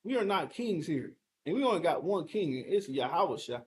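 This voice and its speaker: A man's voice: on the high side, sing-song, normal speed. A man teaching a fiery scripture breakdown, emphatic and confrontational, firing rhetorical questions and mild curses at his listeners.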